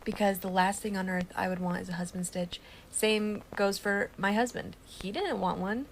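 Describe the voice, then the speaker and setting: A woman's voice: medium pitch, steady tone, moderate pace, a little hiss or hum, rough recording. A young woman recovering from surgery, telling a personal story in a casual, earnest, hurt tone as she warns others.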